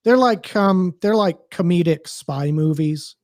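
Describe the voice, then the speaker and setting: A man co-hosting a casual podcast who talks haltingly and often restarts his sentences. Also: high-pitched, a little mellow, dry recording.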